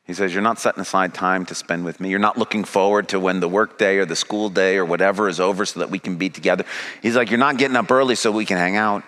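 A man's voice: deep voice, fairly even intonation, fast, a bit bright. A man preaching a sermon, paraphrasing Jesus and building to a pressing, rising delivery. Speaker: pastor.

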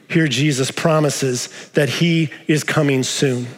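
A male pastor delivering a sermon, moving between quiet low stretches and raised, emphatic questions to the congregation. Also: fairly even intonation, slow, hardly any pauses. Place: church sanctuary. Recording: long reverb of a large hall.

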